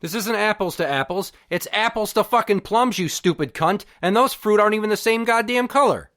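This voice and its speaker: Podcast guy on a profane rant, fairly high voice, sarcastic, fed up. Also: a little fast, fairly bright tone. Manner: crude, sarcastic and exasperated. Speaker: podcast host.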